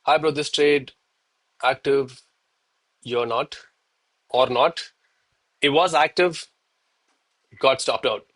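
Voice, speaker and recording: A man in his thirties talking live to his viewers in a loose, chatty way, often calling them bro. His voice is bright and forceful, and he is a little winded from push-ups. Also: mid-range voice, slow pace, pauses often. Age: 30s. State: out of breath between push-ups. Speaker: live trading streamer. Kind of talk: live-stream commentary and chat.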